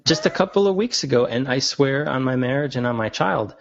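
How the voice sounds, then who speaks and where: A man's voice: mid-range voice, fairly quick, creaky. A man co-hosting a podcast, telling a story in casual chat and laughing hard at it. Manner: animated storyteller, laughs hard at his own stories. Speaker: podcast co-host. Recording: dull lo-fi sound.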